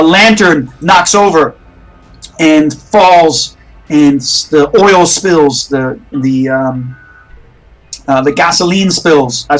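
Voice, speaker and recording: High-voiced, unhurried male game master. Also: fairly bright tone, poor audio. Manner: rambling, many fillers and restarts. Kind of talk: narrating a tabletop horror game.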